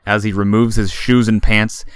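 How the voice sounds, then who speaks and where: A man's voice: on the low side, little pitch movement, moderate pace, smooth, no echo. A man reading a story aloud as a hobby audiobook narrator. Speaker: audiobook reader.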